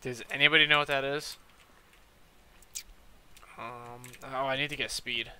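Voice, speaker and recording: Bright-voiced young man rambling profanely. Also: mid-range voice, fairly even intonation, a little slow, smooth. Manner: rambling and profane, with constant fillers. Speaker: gaming streamer. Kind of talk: casual chat while playing a game.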